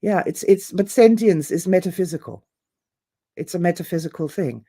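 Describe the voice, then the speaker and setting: A woman's voice: lowish voice, normal speed. A woman giving an opinionated, theatrical monologue, digressing and acting out other people's reactions. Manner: animated, theatrical, acts out quotes, digressive. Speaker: presenter.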